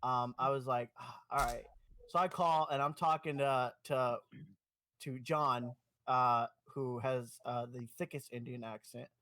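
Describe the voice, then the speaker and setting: A man's voice: medium pitch, a little slow, no echo. A man co-hosting a gaming podcast, telling a rambling, self-mocking story in casual chat. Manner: rambling and self-mocking, animated when quoting. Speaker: podcast co-host.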